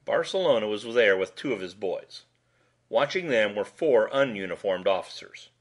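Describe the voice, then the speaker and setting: A man's voice: on the low side, expressive, normal speed. A man reading a short story aloud in a dry, wry first-person narration.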